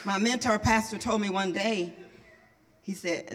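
A middle-aged woman pastor preaching an impassioned sermon, dropping to whispers and then rising to shouts. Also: medium pitch, a little slow, long pauses.

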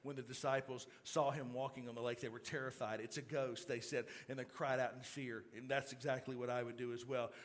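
A middle-aged male pastor delivering a sermon, moving from calm storytelling to loud, excited preaching. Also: mid-range voice, brisk, hardly any pauses.

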